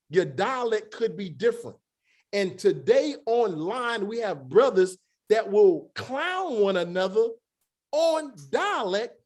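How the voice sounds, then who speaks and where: Guy w/ teaching bible study, pretty high voice, chatty and joking. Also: a little mellow. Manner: conversational, joking asides, drawn-out emphasis. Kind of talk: casual scripture teaching.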